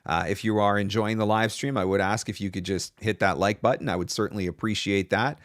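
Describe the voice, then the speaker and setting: A man's voice: fairly low pitch, steady tone, a little fast, no room sound, studio quality. A man hosting a live-stream Q&A, giving casual voice-over business advice in a loose, chatty way with frequent restarts.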